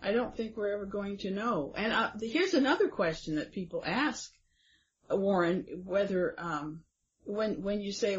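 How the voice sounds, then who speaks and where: A woman interviewing a guest in a chatty way, thinking aloud and pausing with fillers. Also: mid-range voice. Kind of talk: conversational interview. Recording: dull lo-fi sound.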